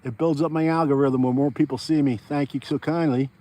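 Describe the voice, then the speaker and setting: A man's voice: on the high side, fairly even intonation, brisk, dark tone. A man, chatting rambly to viewers while ice fishing outdoors on a frozen pond. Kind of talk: casual outdoor vlog chat.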